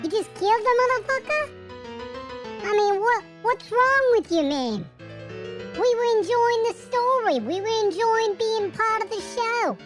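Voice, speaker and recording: A performer voicing a cranky grown man who swears constantly in a squeaky voice. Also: lively intonation, unhurried, over music. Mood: ranting.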